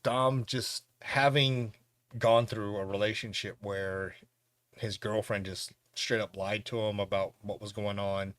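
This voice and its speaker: Animated man recapping a film. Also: on the low side, unhurried, no room sound. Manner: animated, laughing storyteller. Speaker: podcast host reviewing a film. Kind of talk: casual plot recap.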